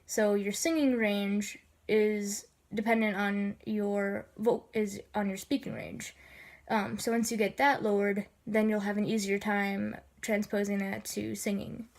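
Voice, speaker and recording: A woman's voice: level tone, measured pace, a little mellow. Sniffly woman giving a hesitant voice tutorial. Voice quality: slightly gravelly low register. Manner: hesitant, many filler ums. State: sniffly from allergies. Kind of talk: casual spoken tutorial.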